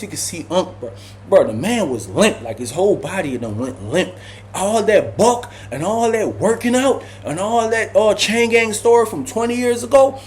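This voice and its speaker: Brief: young man, high voice, lively storyteller who acts out the voices, faint hiss behind. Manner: animated, slangy, acts out voices and sound effects. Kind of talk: casual prison storytime.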